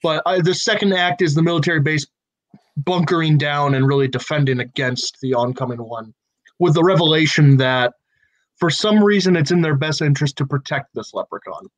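A man thinking out loud in a relaxed writers' brainstorm, building plot ideas one step at a time. His voice sits a touch high for a man. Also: a little fast, rough recording. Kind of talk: casual creative brainstorming.

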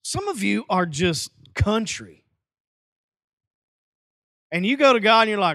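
A man preaching a sermon as pastor, lively, with folksy asides and acted-out quotes. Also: high voice, measured pace, gravelly, pauses often, no room sound, clean studio sound.

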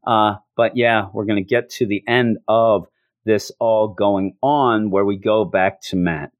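A man giving an animated, emotional recap of a show, with frequent restarts. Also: lowish voice, unhurried, no room sound, narrow, tinny audio. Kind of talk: casual episode recap.

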